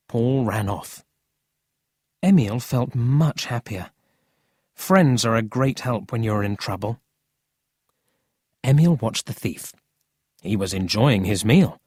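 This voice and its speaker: A narrator reading a storybook slowly for English learners. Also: mid-range voice, expressive, darkish tone, slightly rough, dry recording, clean studio sound.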